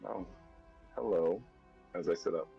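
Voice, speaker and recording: A man's voice: sits low, measured pace, vocal fry, dark tone, lo-fi sound, soft background music. A man playing a tabletop game in character, thinking aloud hesitantly with fillers. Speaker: player.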